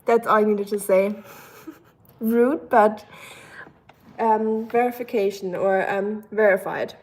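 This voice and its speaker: A young German woman with a mid-range, darkish voice speaks slowly in a steady tone, sounding tired. She hosts a casual livestream, reading comments and chatting with viewers, rambling with lots of fillers.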